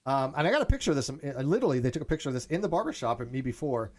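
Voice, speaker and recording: A man's voice: mid-range voice, rapid-fire. A man hosting a casual live online chat, talking animatedly and often restarting his sentences. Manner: animated, repeats words when starting sentences. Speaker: host; military veteran.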